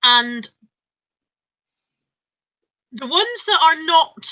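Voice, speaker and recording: A woman's voice: high-pitched, lively intonation, very slow, sharp tone, muffled recording. A woman co-hosting a casual live-stream chat, rambling through stories and laughing often. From England.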